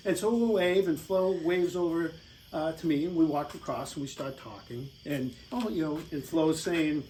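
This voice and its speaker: A middle-aged American man rambles through a casual travel story over slides, full of fillers and laughter. His voice is fairly high and his pace normal, and the low-quality recording carries a slight hiss or hum.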